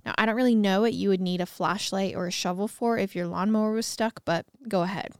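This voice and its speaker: A woman's voice: medium pitch, steady tone, fast talker, clear, resonant tone, dry recording, clean studio sound. A woman co-hosting a podcast, narrating a true-crime case in a conversational way with wry asides. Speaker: podcast co-host.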